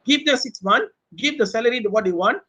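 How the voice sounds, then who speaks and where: A middle-aged man with a Malaysian English accent, a professor speaking on a webinar panel, animated and full of rhetorical questions aimed at his fellow panelists. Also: extremely high pitch, fast. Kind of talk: unscripted panel talk. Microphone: webinar video call mic. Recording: dull lo-fi webinar audio.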